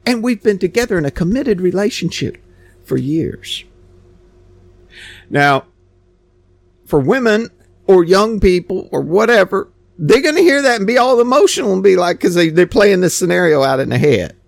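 A man's voice: high voice, big pitch swings, moderate pace, gravelly, dry recording. A man giving a rambling, sarcastic opinion monologue, stammering and repeating himself. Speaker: commentator.

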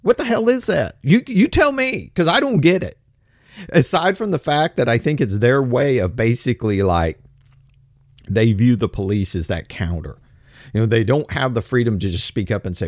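A man's voice: medium pitch, lively intonation, moderate pace, no echo, studio quality. A man ranting in opinion commentary, blunt, profane and sarcastic.

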